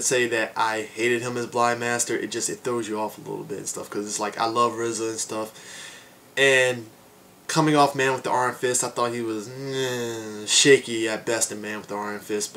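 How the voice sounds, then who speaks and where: A man's voice: mid-range voice, fairly bright tone, slight background noise. Rambling man reviewing a movie. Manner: rambling, many fillers like "and stuff" and "um". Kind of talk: casual spoken film review.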